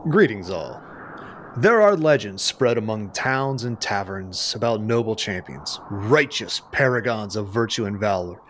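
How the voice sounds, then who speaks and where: A man's voice: fairly low pitch, lively intonation, unhurried, a bit bright, slight background noise. A man narrating as game master, in a playful, dramatic storytelling manner.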